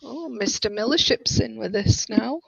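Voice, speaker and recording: A gravelly voice trades easygoing teasing banter on a hobby stream. The mic sounds dull and lo-fi. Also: medium pitch, animated, normal speed, a little hiss or hum. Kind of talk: casual chat on a modelling stream.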